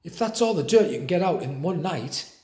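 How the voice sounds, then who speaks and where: A man's voice: high voice, lively intonation, fairly quick, a little mellow, pitched above the performer's own voice. A man voicing a worried, polite young boy who speaks hesitantly. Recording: roomy echo.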